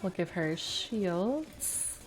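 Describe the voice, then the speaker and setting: A woman from the US, her voice on the low side, reads game text aloud on stream in a calm, measured manner, chatting casually between passages while soft music plays in the background.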